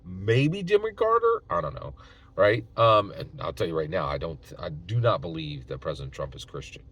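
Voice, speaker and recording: Folksy opinionated man with a lively, lowish voice. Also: normal speed. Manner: folksy, opinionated, frequent "right?" tags. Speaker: channel host. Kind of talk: casual opinion commentary.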